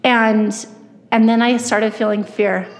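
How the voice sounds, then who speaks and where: A woman's voice: fairly high pitch, little pitch movement, slow pace. A woman giving a personal testimony talk at church, telling her story earnestly with many fillers and restarts. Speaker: church speaker. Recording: long reverb of a hall.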